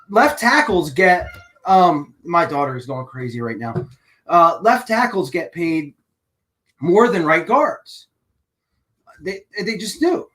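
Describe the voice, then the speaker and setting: A man rants on his live sports channel, his voice sitting a little high. He rambles, restarts his sentences and sounds openly exasperated. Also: fairly bright tone. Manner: rambling, with frequent restarts and fillers; emotional and exasperated. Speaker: channel host. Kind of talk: live-stream sports rant.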